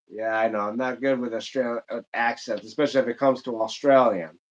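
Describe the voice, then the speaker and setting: Casual man from Michigan, mid-pitched, rambling streamer chat, dull lo-fi mic. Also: steady tone, a little fast. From Michigan, United States. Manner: rambling, chatty, many fillers and restarts. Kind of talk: casual live-stream chat while gaming.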